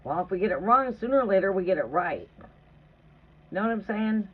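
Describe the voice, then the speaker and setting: A woman's voice: mid-range voice, expressive, fairly quick, husky. A woman hosting a tarot live stream from her trailer home, chatting casually and telling rambling, profane stories. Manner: rambling, profane, conversational, often asks "right?". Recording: tinny phone-like audio with faint noise.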